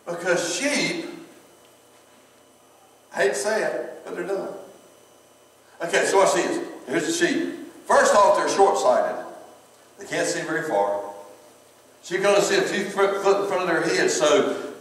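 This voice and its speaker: A man's voice: high-pitched, lively intonation, unhurried, pauses often, fairly bright tone. Man, Southern US accent, middle-aged pastor, folksy humorous sermon, far from the mic, long church reverb. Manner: folksy, laughs often, repeats words. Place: church sanctuary. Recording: echoey hall from far off.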